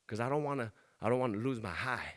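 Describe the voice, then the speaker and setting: A man's voice: mid-range voice, expressive, fast talker. A man in his thirties giving a candid, emotional personal testimony with profane street talk, building to urgent encouragement. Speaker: motivational speaker.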